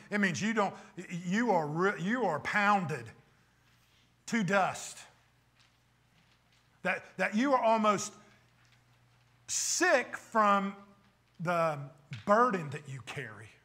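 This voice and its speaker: High, bright-voiced preaching pastor. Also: male voice. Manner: emphatic, rhetorical questions to the congregation. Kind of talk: sermon.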